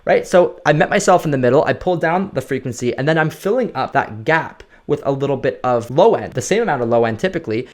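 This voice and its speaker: A man giving a casual, explanatory music production tutorial at his computer, often checking in with "right?". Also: medium pitch. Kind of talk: screen-recorded production tutorial.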